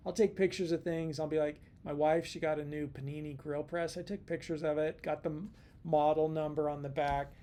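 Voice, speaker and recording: A man's voice: on the high side, fairly even intonation, a little fast, mellow. A middle-aged man giving a casual college lecture, chatty and repetitive, with many fillers and restarts. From California. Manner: chatty, repeats himself, plenty of fillers and restarts. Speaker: college instructor.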